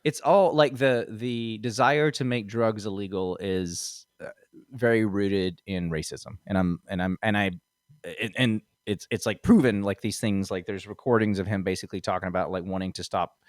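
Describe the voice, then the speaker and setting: A man's voice: fairly low pitch, moderate pace, dry recording, clean studio sound. A man hosting a comedy podcast, talking in a rambling way with many fillers and frequent laughs. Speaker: podcast host. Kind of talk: casual comedy podcast chat.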